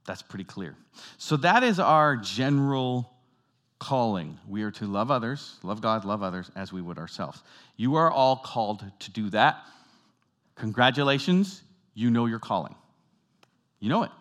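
A man preaching a sermon to his congregation, moving between loud, emphatic lines and quiet, hushed ones, and asking the room questions. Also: medium pitch, lively intonation, moderate pace. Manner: dynamic, swings from loud emphatic to soft hushed; talks directly to the congregation with questions. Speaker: pastor.

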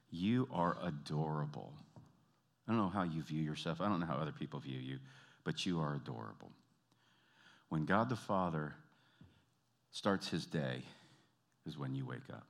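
Low-voiced man preaching with animated storytelling. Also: normal speed, gravelly, pauses often. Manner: animated storyteller, acts out quoted voices, drops to soft intimate appeals. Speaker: pastor and counselor. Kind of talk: storytelling sermon.

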